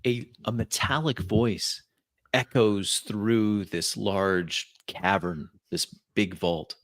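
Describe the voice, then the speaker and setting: A man narrating a tabletop game as game master, describing the scene deliberately and often restarting his phrases. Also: fairly low pitch, fairly even intonation, fairly bright tone, no echo.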